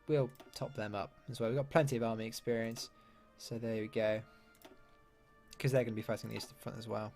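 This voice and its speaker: A man from England commenting casually on a strategy game, thinking aloud and muttering asides. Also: medium pitch. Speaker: let's play gamer. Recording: faint game music behind.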